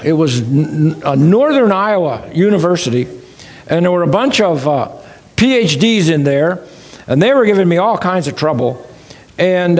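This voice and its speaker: A man with a high-pitched voice speaks as a church-style lecturer, opening with prayer and telling anecdotes in a homespun way. He grows animated and exclaims in wonder as he talks. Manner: folksy storytelling, animated and exclaiming. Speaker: creation science speaker.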